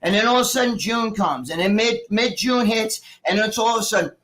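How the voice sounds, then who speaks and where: A man's voice: high-pitched, fairly quick, a bit bright, slight background noise, poor audio. A man on a video call, ranting casually, profane and rambling, acting out quotes. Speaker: guest. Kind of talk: casual political rant.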